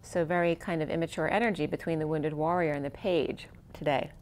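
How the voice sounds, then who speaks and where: A woman giving a spiritual tarot card reading, talking in a soft, meandering way with phrases that trail off, and saying she is losing her voice. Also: sits low, fairly even intonation, fairly quick, slight background noise. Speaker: tarot reader.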